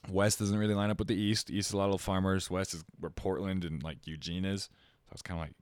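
A man co-hosting a podcast, ranting in an animated, exaggerated way during casual chat. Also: low-pitched, a little fast, smooth, dry recording, clean studio sound. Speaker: podcast co-host.

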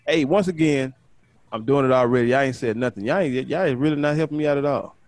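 A man hosting a casual podcast chat, talking quickly and excitedly, often repeating words as he goes. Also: mid-range voice, dry recording. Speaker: podcast host.

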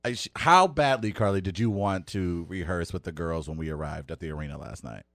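A man hosting a casual sports talk show who laughs often and hammers his points with animated emphasis. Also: deep voice, a little fast, creaky, dry recording, studio quality. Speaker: radio show host.

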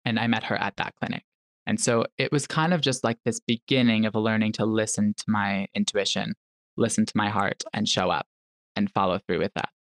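A man's voice: lowish voice, brisk, dry recording, studio quality. A young man as a podcast guest, casually telling a personal story and acting out what people said. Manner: animated storyteller who acts out quotes.

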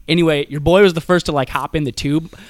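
A man's voice: on the high side, fairly even intonation, fast talker, no echo. A young man telling a long, profane, rambling story in casual chat, laughing often.

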